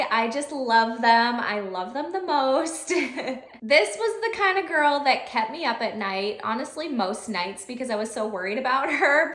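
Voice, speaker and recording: A woman teacher telling a story in an animated, chatty way, laughing often. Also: a little high. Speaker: special education teacher. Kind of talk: storytelling vlog. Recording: echoey room.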